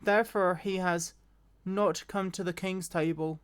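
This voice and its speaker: A woman doing an earnest young prince, low and soft. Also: steady tone, measured pace, smooth, natural voice. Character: earnest young male prince pleading for his friend.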